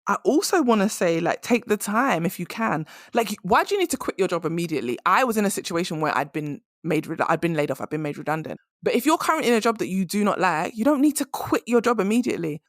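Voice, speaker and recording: A woman's voice: fairly low pitch, big pitch swings, fast talker, hardly any pauses, dry recording, clean studio sound. A woman hosting a podcast, giving direct, emphatic career advice in a casual monologue. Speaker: career coach and podcast host.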